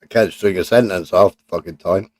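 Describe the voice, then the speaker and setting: A man's voice: deep voice, fairly quick, a little mellow. A man hosting a live stream, bantering with viewers in a blunt, sweary, jokey way. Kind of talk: casual banter with chat.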